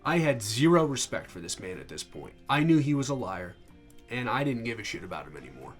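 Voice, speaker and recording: A man's voice: fairly low pitch, big pitch swings, brisk, husky. Man, young vet, swearing a lot, venting a story, faint music under it. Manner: angry, profane, acts out quoted dialogue. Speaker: army veteran vlogger. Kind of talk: casual storytelling.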